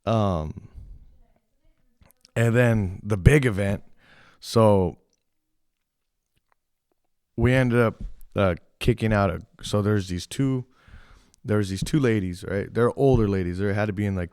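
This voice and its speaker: A young man hosting a podcast, telling a story in a rambling, profane, animated way and quoting the people in it. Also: fairly low pitch, slow, long pauses, clear, resonant tone, no room sound, clean studio sound. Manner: rambling, profane, animated retelling with quoted voices. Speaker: podcast host. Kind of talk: casual storytelling.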